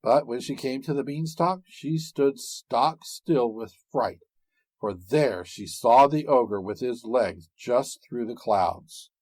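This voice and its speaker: Slow, expressive husky male storyteller. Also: mid-range voice, dry recording. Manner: expressive, unhurried, dramatic. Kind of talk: fairy tale narration.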